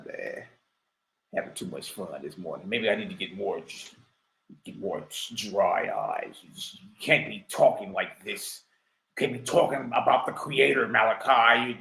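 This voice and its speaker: A man hosting a livestream, giving animated, mocking commentary full of slang and laughter. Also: medium pitch, gravelly, echoey room. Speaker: livestream host.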